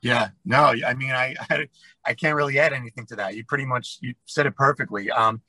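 A man with a husky, bright-edged voice rants through a casual podcast chat, full of opinions. The sound is dry and close, with no room around it. He stumbles into restarts and then pushes hard on his points. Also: medium pitch, fairly even intonation, a little fast, no echo, low-quality recording. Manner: opinionated and ranting, with many fillers and restarts.

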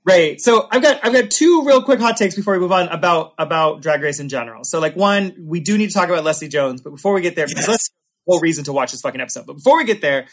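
Animated, sarcastic man hosting. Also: on the high side. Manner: animated, sarcastic, quick asides. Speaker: podcast host. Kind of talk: casual chat.

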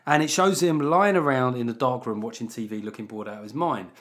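A man's voice: mid-range voice, a little fast, fairly bright tone. A man hosting a podcast, chatting casually in a rambling, sweary, sardonic way. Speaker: podcast host.

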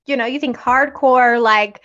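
A high-voiced woman chatting on a casual podcast, bubbly and quick to laugh. The sound is slightly dull and muffled. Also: steady tone, fairly bright tone. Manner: bubbly, giggly, quick to mimic others. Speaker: podcast co-host, military spouse.

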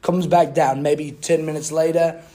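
A young man doing a playful, put-on British accent as a mock British gentleman, recapping his week like a sportscaster. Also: fairly high pitch, steady tone, unhurried, close to an everyday voice. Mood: excited.

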